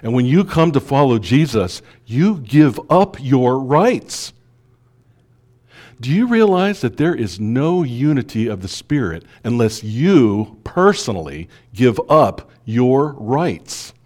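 This male pastor delivers his sermon slowly in a mid-range, sing-song voice. He poses rhetorical questions to his listeners, alternating hushed remarks with emphatic lines.

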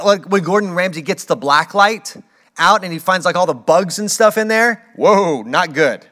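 A man's voice: sits high, bright, forceful tone. A man preaching a sermon in a casual, conversational way, with playful acted asides. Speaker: pastor.

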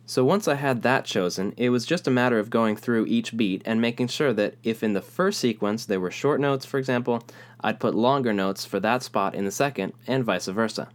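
A young man teaching a rhythm lesson, explaining calmly and speaking rhythm syllables aloud. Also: medium pitch, moderate pace. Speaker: music teacher.

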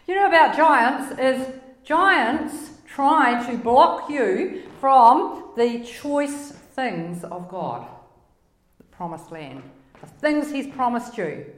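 A woman's voice: high-pitched, big pitch swings, slow. A woman with a crackly voice giving a conversational Bible teaching, emphatic and full of rhetorical questions. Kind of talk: conversational sermon. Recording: roomy echo.

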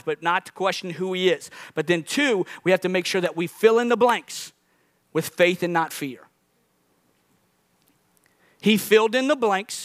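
A man's voice: sits high, a bit bright, dry recording, clean studio sound. A man preaching a sermon as pastor, earnest, restarting phrases often and building to emphatic peaks.

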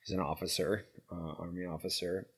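A middle-aged man, a guest on an interview show, telling a long story in casual, rambling talk full of fillers, swinging from lively and loud to hushed and quiet. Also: deep voice, a little fast, breathy edge. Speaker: interview guest, founder of a veterans' horse program.

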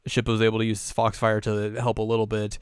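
A young man with a smooth, clear voice recaps an episode in casual chat. He jokes along the way, recorded close and dry. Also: fairly low pitch, completely flat delivery, fast talker, dry recording. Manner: chatty, jokey retelling. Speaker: podcast co-host.

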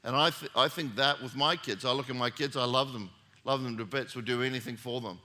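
A man's voice: mid-range voice, brisk, pushed and bright. A middle-aged man preaching a sermon as pastor, telling family stories in a conversational way and rising to emphatic peaks.

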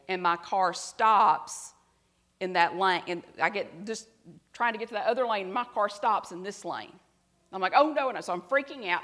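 Woman, middle-aged, preacher, earnest, soft-spoken at emotional points. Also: mid-range voice. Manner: earnest storytelling, drops to soft quiet tones at emotional parts. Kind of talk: sermon with personal story.

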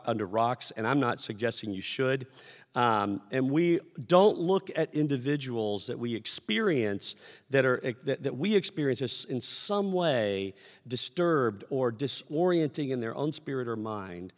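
Animated male preacher in a reverberant hall. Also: medium pitch, normal speed. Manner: conversational, animated storytelling with acted-out shouts. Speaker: pastor. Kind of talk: sermon. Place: church sanctuary.

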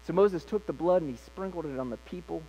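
A man's voice: a little high, quick pace, warm tone, poor audio. A male pastor preaching a sermon, retelling scripture in a casual, conversational way.

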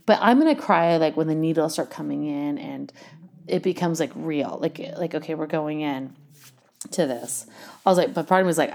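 A woman's voice: sits low, fairly quick, darkish tone. A young woman telling a candid, rambling personal story in a casual way, with lots of fillers and frequent laughter. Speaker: vlogger sharing a health story.

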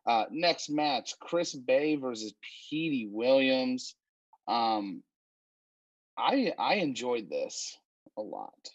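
A man co-hosting a wrestling podcast, walking through the matches in easy casual chat. He talks slowly and unhurriedly, with plenty of fillers and restarts. His voice is recorded dry and close, with no room sound. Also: medium pitch, sing-song, dry recording, muffled recording.

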